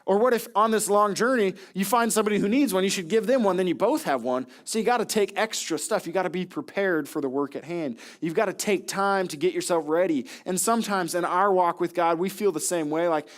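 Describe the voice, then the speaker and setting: A young man with a high voice preaches a sermon, acting out lines for Jesus and the crowd. He jumps between voices and tells stories with lively energy. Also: brisk, few pauses. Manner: animated storytelling, acting out voices of Jesus and listeners. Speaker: pastor.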